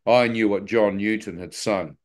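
A man's voice: on the low side, fairly even intonation, normal speed. A man sharing his personal testimony with a live church audience, telling it vividly and with self-mocking humor.

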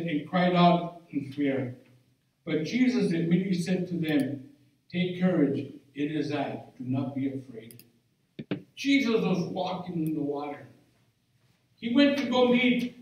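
A man preaching a sermon as pastor, fervent and rising to shouts of praise, recorded from far off in an echoing church hall. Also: sits high. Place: church sanctuary.

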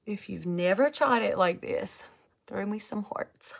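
Woman, thick Cajun accent, friendly live makeup vlogger, mid pitch. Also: a little slow, vocal fry. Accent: Cajun Louisiana. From Louisiana. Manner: chatty, talks to viewers, reads out comments. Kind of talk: chatty live makeup tutorial.

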